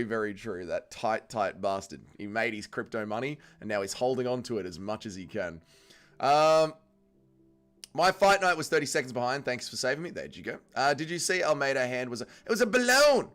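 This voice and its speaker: A man's voice: mid-range voice, a bit bright. A young man hosting a fight watch-along livestream, reading chat aloud and chatting casually with blunt, profane banter.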